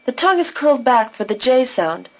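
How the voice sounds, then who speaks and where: A woman's voice: a little high, big pitch swings, brisk, poor audio. Patient woman narrating a language lesson. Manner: patient, clear, explains pronunciation step by step. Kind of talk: scripted instructional narration.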